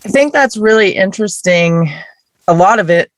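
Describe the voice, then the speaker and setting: A woman's voice: medium pitch, animated, moderate pace, dry recording. A woman from the American South hosting a podcast, asking curious, considered questions. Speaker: podcast host. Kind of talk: interview conversation.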